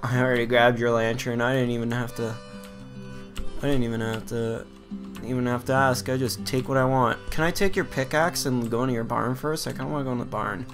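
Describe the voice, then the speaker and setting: A gamer with a mid-range, steady voice gives brisk, joking commentary as he plays a video game for a let's play. Game music runs in the background.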